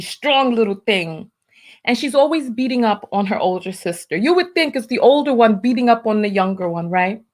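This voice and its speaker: High-voiced woman delivering preachy commentary. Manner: emphatic, preachy, repeats rhetorical questions. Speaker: show host. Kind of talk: opinion commentary monologue.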